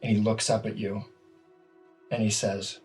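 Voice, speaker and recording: A man narrating a tabletop game as game master, slow and relaxed with frequent fillers. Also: on the low side, soft background music, rough recording.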